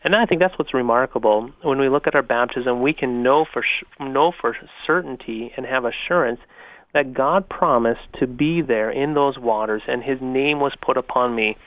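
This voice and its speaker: A man's voice: mid-range voice, moderate pace, no room sound. A man, a pastor, earnestly explaining his faith on a radio talk show. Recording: tinny phone-like radio line.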